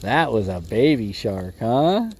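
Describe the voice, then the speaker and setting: A man talking to his viewers on a fishing livestream while outdoors by a lake. He takes his time with his words, but his pitch swings up and down freely as he jokes around and laughs. There is faint outdoor ambience behind him. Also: very animated, slow pace, darkish tone, slight background noise. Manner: joking, chatting with viewers, laughing often. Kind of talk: casual livestream chat.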